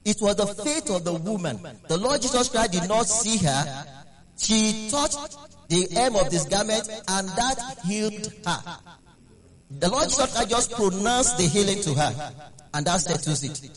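A man preaching a sermon, halting and repeating phrases for emphasis. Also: sits high, animated, crowd noise.

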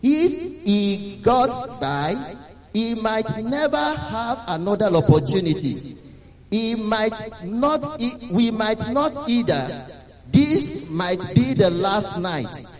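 Preacher guy, high voice, slow and dramatic, kinda chanting, soft music behind. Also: very animated, big-room sound, rough recording. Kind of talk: sermon.

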